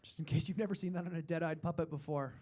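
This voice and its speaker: A man's voice: on the high side, steady tone, fast, darkish tone. A young man from Alberta, Canada, doing a stand-up comedy set, self-deprecating and rambling, with frequent fillers.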